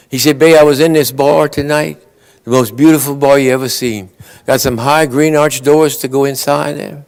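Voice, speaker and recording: A man's voice: on the high side, fairly even intonation, normal speed. A man telling long, folksy joke stories at a conference awards ceremony, briefly acting out his characters' lines. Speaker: after-dinner joke teller.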